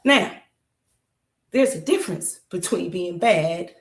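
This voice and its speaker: A woman hosts a podcast and retells a story in an animated, colloquial way, leaning on points and checking in with the listener. Her voice sits at an ordinary middle pitch. The room around her gives a clear, roomy echo. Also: a little slow. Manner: animated, emphatic, colloquial, asks listeners rhetorical questions. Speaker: podcast host. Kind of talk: casual storytelling commentary.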